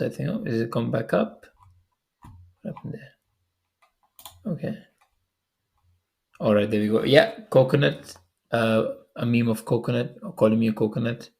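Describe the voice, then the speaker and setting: Young male commentator from Pakistan, gravelly voice, chatty, reads comments and reacts with laughs. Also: medium pitch. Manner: chatty, laughs often, reads comments aloud with quick asides. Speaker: online commentator. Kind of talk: casual commentary reading out comments.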